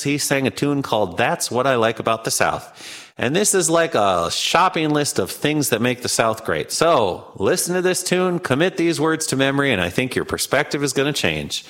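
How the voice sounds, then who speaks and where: A man's voice: medium pitch, sing-song, normal speed, fairly bright tone. A man with a Minnesota accent hosting a comic listener-mail segment in a folksy, jokey way. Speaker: host.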